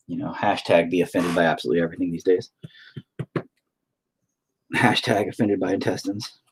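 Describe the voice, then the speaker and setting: A man talking casually to himself while he paints, swearing constantly, self-critical, dropping into mutters and then flaring up loudly. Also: sits low, fairly quick, long pauses, slightly rough. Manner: drops into whispers and mutters, then flares up loudly. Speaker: painting streamer.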